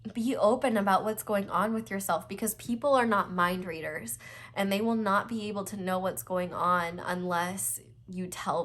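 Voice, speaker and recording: A woman's voice: mid-range voice, fairly bright tone. A young woman giving a casual, reassuring tarot reading, talking earnestly with many fillers, her nose stuffed up and close to tears. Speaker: tarot reader.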